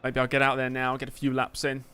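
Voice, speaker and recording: A man's voice: medium pitch, monotone, quick pace, bright, forceful tone, smooth. A man streaming live gameplay of a racing game, chatting and joking as he answers messages from his chat.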